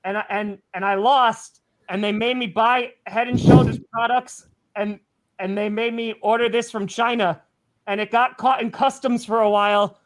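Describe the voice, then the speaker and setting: A man's voice: high-pitched, fairly even intonation, normal speed. A man hosting a casual sports chat, sweating and out of breath inside a costume, rambling with stammered restarts and self-mocking asides. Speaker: podcast host.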